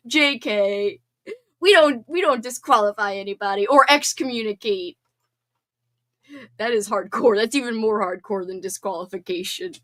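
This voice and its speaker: A woman's voice: fairly high pitch, fairly bright tone. A woman hosting a casual livestream from home, chatting bubbly and reading out viewer comments. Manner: bubbly and chatty, quick laughs and squeals. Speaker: livestream host.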